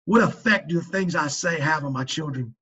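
On a faith-based podcast, a man offers parenting advice, speaking earnestly about fatherhood in an emphatic, preachy way and frequently restarting his sentences. His voice runs on the high side, brisk, pushed and bright with a breathy edge. The high frequencies sound cut off.

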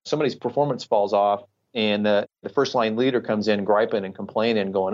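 A man's voice: on the low side, steady tone, a little fast, hardly any pauses, darkish tone, highs cut off. A middle-aged man, a retired military officer, earnestly explaining ideas with examples as a podcast guest. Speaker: guest, retired Air Force colonel. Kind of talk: podcast interview answers.

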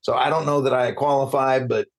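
Give me a man hosting an interview podcast, talking fast and with feeling, mid-pitched. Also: steady tone, a little hiss or hum. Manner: impassioned, gets worked up and apologizes. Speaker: podcast host. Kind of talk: conversational interview.

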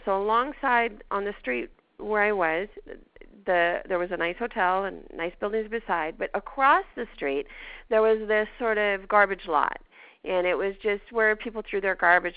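Gravelly Canadian woman hosting. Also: medium pitch, no room sound. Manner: chatty, with laughs. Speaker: podcast host. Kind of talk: casual chat and personal storytelling. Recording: dull lo-fi dry sound.

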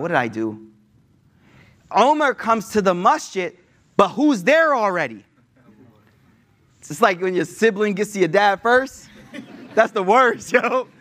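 A man delivers a relaxed sermon. He tells old stories in modern slang and acts out the quotes as he goes. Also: high voice. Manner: slangy, animated retelling with acted quotes. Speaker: Islamic preacher. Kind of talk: casual sermon with storytelling.

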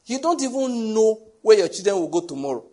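A man's voice: high voice, brisk. A middle-aged Nigerian man preaching a sermon, telling stories and acting out the dialogue. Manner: animated storytelling, acting out dialogue.

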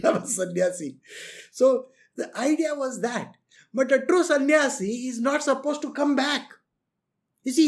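Lively laughing spiritual teacher. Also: medium pitch. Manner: animated, laughs often, acts out quotes. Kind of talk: lecture on renunciation.

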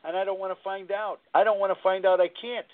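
A man's voice: high-pitched, fairly even intonation, quick pace. A man hosting a call-in recovery talk show, telling a personal story in an earnest, rambling way. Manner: rambling, earnest, repeats himself. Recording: tinny phone-line sound.

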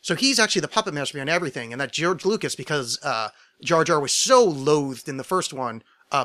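Man, podcast chat, bright sharp tone, slightly high voice, rambling and excitable, swears a lot. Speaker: podcast co-host or guest.

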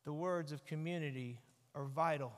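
A man, a pastor, giving an animated, conversational sermon into a microphone. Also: on the high side, normal speed. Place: church sanctuary. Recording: echoey church hall.

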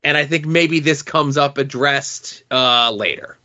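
A man's voice: medium pitch, measured pace, bright, forceful tone, dull audio. A man co-hosting a podcast, casually discussing a comic and building an argument with questions. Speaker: podcast co-host.

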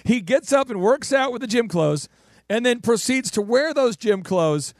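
A high, lively middle-aged man hosts a casual talk show, telling stories with lots of laughter and restarts. His voice bounces around in pitch. It is recorded close and dry, with no room sound. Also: moderate pace, no echo. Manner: animated storytelling, laughing and restarting sentences. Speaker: host.

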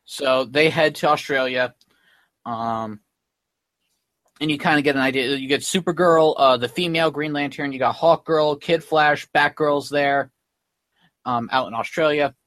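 A man's voice: on the high side, a little slow, fairly bright tone, no room sound. Man rambling through a casual recap. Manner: rambling, filler-heavy retelling with many "like" and "um". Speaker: podcast host. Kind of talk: casual chat recapping a comic.

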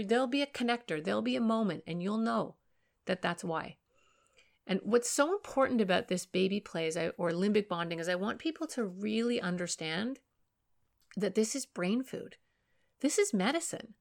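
A woman's voice: medium pitch, creaky. A woman parenting educator speaking on a podcast, telling stories with acted-out voices and giving earnest, emphatic advice. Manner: earnest storyteller, acts out quoted voices. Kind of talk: podcast talk.

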